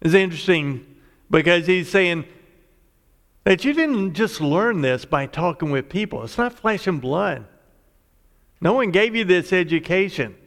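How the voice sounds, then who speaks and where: Guy preaching a bible sermon, kinda high voice, steady and emphatic, echoey hall. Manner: explanatory Bible teaching, measured and emphatic. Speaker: pastor.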